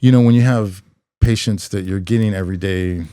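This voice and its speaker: Middle-aged Californian man, low smooth voice, reflective storyteller, dry close sound. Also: mellow, no echo. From California, USA. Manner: reflective, unhurried, many "you know" fillers. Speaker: podcast guest, former police officer. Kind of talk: conversational storytelling.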